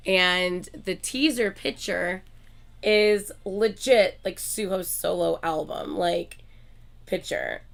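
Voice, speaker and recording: A woman hosting her channel in a casual chat with viewers, excitable and gushing like a fan, swearing often and filling her talk with "like.". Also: fairly low pitch, takes it slowly, creaky. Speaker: channel host chatting with viewers.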